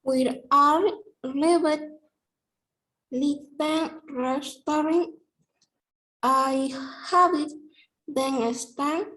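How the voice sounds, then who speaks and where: High-voiced spanish-accented woman student, reads super slow and stumbles. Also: fairly even intonation, a bit bright, poor audio. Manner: hesitant, stumbling over words. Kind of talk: halting reading aloud.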